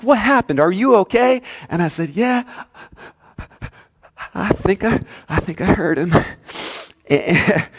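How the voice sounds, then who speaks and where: A male pastor preaching a sermon, telling a story with lively swings between loud, emphatic lines and hushed, soft ones. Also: medium pitch, long reverb tail.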